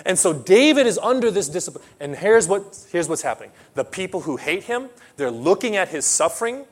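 A man preaching a sermon, emphatic, swinging between loud outbursts and quiet asides; English is not his first language. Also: high voice, sing-song, brisk, few pauses. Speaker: pastor.

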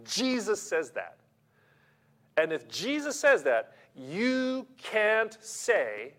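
A man preaching a sermon, emphatic and rhetorical, swinging between loud stresses and quiet asides. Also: sits high, wildly swooping pitch, very slow.

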